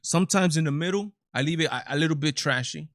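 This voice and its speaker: A man's voice: fairly high pitch, fast, a bit bright, no room sound, clean studio sound. A man hosting his own live commentary stream, talking emphatically with many repeats and restarts. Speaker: show host.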